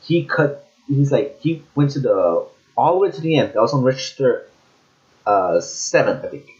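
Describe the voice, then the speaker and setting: A man's voice: medium pitch, very animated, a little mellow. Rambling young man, lo-fi audio. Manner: rambling, halting with many restarts and fillers. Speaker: vlogger. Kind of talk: casual storytelling. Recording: dull lo-fi audio.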